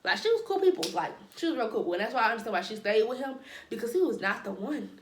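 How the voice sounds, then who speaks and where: A woman's voice: on the high side, lively intonation, fast talker, echoey room. A woman vlogger telling a personal story in a casual way, with dramatic asides and playful sound effects.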